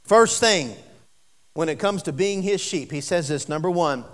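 A male preacher giving a sermon, swinging from forceful declarations to hushed, drawn-out phrases. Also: sits high, lively intonation. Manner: dramatic swings between loud preaching and hushed slow phrases. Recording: long hall reverb.

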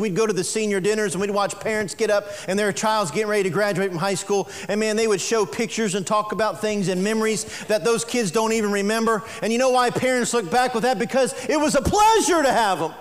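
A man preaching a sermon as a pastor, animated and rising toward near-shouting, laughing at his own stories, in a church sanctuary. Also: sits high. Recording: long reverb in a large hall.

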